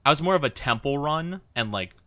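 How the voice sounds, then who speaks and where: A man's voice: fairly high pitch, animated, fairly quick, fairly bright tone, no echo. A young man streaming a game, chatting casually in a rambling, giggly way with many fillers. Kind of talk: casual chat while gaming.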